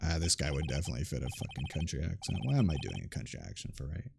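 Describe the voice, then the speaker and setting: A man's voice: extremely low pitch, very animated, very fast, vocal fry, hardly any pauses, slight background noise. A man streaming a game, reading its lines aloud and joking at himself with some swearing. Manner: playful, self-mocking, swears.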